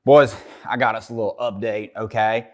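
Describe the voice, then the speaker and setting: A man's voice: on the low side, fairly even intonation, normal speed. A man vlogging casually, joking around, swearing often and rambling. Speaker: car vlogger. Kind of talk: casual vlog talk.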